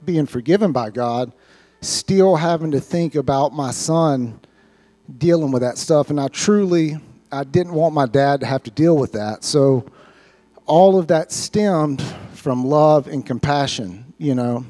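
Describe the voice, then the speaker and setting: A man's voice: fairly high pitch, measured pace, dark tone, faint music behind. Earnest man giving church testimony. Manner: earnest, heartfelt, repeats words when moved. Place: church sanctuary.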